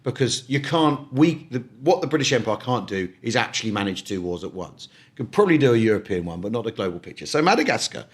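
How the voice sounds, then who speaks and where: A middle-aged man co-hosting a casual history podcast, talking in animated bursts with many restarts and repeated words. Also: mid-range voice, fast talker, few pauses. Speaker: podcast co-host.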